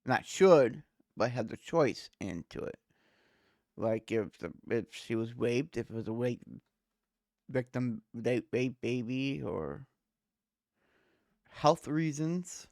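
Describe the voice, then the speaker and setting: Slow laid-back man, dry close voice. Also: mid-range voice, animated, a little mellow, no echo. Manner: rambling, self-correcting, laid-back. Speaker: reaction video host. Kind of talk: casual reaction commentary.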